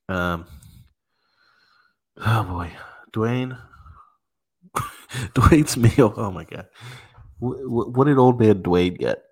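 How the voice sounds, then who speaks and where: Low-voiced man teasing with mock anger. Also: darkish tone. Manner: teasing, swears, mock outrage.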